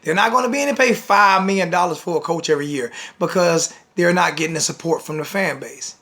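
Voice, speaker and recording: A man's voice: high-pitched, fast talker, bright, forceful tone. A man with a blunt, scolding manner, ranting to the camera as a sports fan vlogger.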